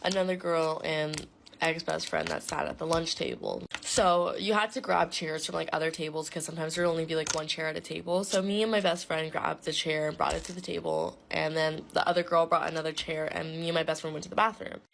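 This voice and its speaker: A woman's voice: low voice, steady tone, a little fast, vocal fry, a bit bright, slight background noise. A young woman telling a school story in a casual, chatty way, blunt and full of swearing and filler words.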